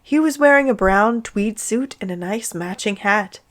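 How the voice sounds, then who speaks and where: A woman's voice: mid-range voice, lively intonation, normal speed. A woman reading fan fiction aloud as a comedic dramatic reading, with amused, sarcastic asides.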